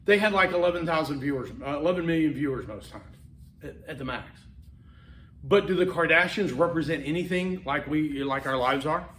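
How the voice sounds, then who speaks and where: A man's voice: a little high, brisk, a bit bright, echoey room, a little hiss or hum. A man teaching a college class, talking conversationally and rambling, with frequent fillers and restarts. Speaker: college instructor. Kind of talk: classroom lecture.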